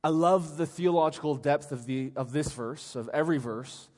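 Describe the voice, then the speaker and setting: A middle-aged male pastor gives a relaxed, conversational sermon, telling lively stories and checking in with "right?" after many of his points. His voice sits a little high for a man. A long reverb trails behind him in the church hall. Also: normal speed. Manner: animated storytelling, frequent "right?".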